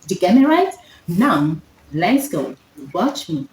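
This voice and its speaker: A woman tutoring phonics one-on-one, speaking slowly and repeating herself to check that her student follows. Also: on the low side, very animated, a little mellow. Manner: slow, repetitive teacher checking understanding. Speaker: phonetics tutor. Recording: echoey room with faint noise.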